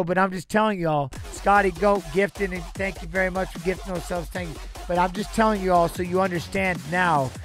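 A man talking casually to his live-stream chat, speaking deliberately and pausing often. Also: on the high side. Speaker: live streamer reacting to a video.

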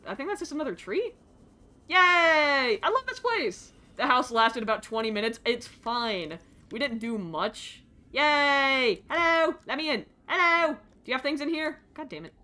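A woman with a higher, very bright voice chats through a live game stream. She bounces between squealing greetings, quick asides and sudden swearing. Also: lively intonation. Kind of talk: live gameplay stream chat.

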